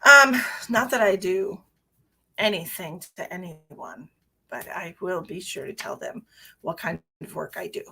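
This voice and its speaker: Low-voiced woman ranting casually. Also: lively intonation, measured pace, creaky, sharp tone, breathy edge. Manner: ranting, profane, answers viewer comments. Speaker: psychic medium hosting a livestream. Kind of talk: casual livestream chat.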